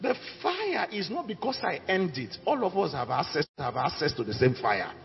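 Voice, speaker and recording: A male pastor preaching a fiery sermon, dropping low and then shouting out declarations. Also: sing-song, moderate pace. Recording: echoey hall with dull sound and faint music.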